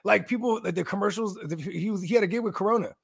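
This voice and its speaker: A man co-hosting a casual podcast chat, slangy, animated and swearing freely. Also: high voice, fast talker, creaky, a little hiss or hum. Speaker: co-host.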